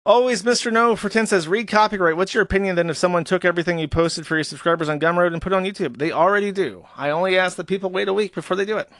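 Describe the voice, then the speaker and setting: A man streaming, reading viewer donation messages aloud and adding crude, offhand comments in a casual, flat way. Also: high voice, rapid-fire, few pauses, no echo, studio quality.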